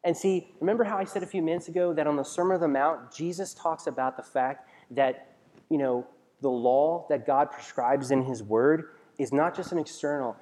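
In a large hall with long reverb, a man gives a conversational sermon as a pastor, asking his congregation questions and often starting sentences over. His voice is warm and a little high, at a normal speed.

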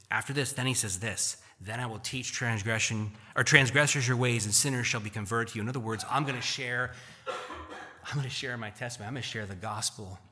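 A man preaching a sermon as pastor, swinging between loud emphatic peaks and quiet, earnest stretches. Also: mid-range voice. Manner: animated, rising to loud emphatic peaks then dropping to quiet earnest tones. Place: church.

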